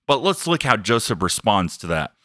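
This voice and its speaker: A man's voice: lowish voice, sing-song, moderate pace, sharp tone, dry recording, clean studio sound. A man preaching a sermon, emphatic and earnest, stacking phrases as he builds each point and sharing his own story. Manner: emphatic, building lists with rising intensity; earnest personal testimony.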